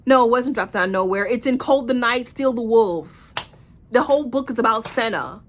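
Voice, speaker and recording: A woman's voice: a little high, lively intonation, normal speed, slight background noise. A woman, a teen librarian, giving a casual spoken book review in an exasperated, sarcastic tone, often acting out her own incredulous reactions. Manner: exasperated, sarcastic, acts out incredulous inner voices.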